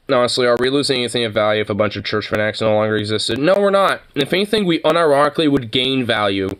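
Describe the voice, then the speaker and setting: A man's voice: medium pitch, fast talker, a bit bright, clean tone. A young man streaming live, ranting casually in a profane, rambling way full of fillers. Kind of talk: casual livestream rant.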